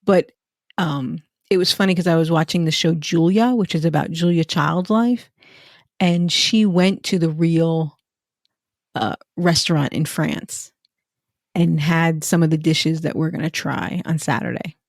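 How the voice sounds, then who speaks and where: Woman co-host, casual animated storyteller, dry booth sound. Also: deep voice, unhurried, no echo. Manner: chatty, animated storyteller, laughs often. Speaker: podcast co-host. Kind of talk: casual chat.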